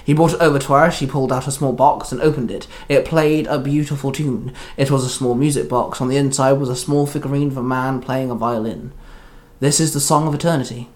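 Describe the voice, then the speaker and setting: A man reading his own adventure story aloud, in a plain, steady way with small slips. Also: medium pitch, a little fast, few pauses.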